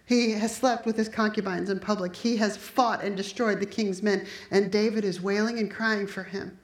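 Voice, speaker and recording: A woman delivers a sermon, telling the story with lively energy and voicing the people in it. Her voice sits at an ordinary middle pitch. The room around her is echoey. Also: moderate pace. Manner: animated storytelling, acting out characters' lines. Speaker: preacher. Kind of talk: sermon retelling a Bible story.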